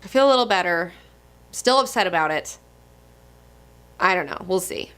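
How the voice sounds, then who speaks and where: A young woman giving casual comic book commentary in a gushing, excitable manner with frequent swearing. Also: on the low side, moderate pace, clean tone.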